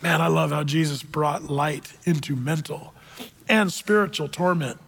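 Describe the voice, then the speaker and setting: A man with a high voice preaches to a congregation, telling stories dramatically and swinging from loud to hushed. His voice carries through a large hall with a long reverb. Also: measured pace, gravelly, slightly rough. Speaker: pastor. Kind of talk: sermon. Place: church sanctuary with congregation.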